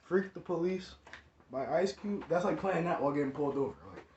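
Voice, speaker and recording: A young man tells a rambling story, leaning hard on slang and fillers. His voice sits a little high. The recording is echoey, dull and lo-fi, with a faint hiss behind. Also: brisk, a little mellow. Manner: slangy, rambling, full of "like" and "you know what I'm saying". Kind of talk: casual storytime. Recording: echoey room, dull lo-fi sound, faint noise.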